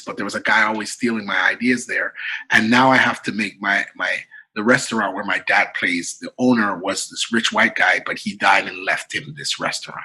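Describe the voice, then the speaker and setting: A Canadian man guesting on a podcast, spinning comic stories in a lively, animated way and slipping into the voices of people he quotes. His tone is bright and forward, with a husky edge. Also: mid-range voice, low-quality recording. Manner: animated storyteller, acts out quoted voices, repeats "you know what I mean". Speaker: comedian guest. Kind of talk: casual podcast storytelling.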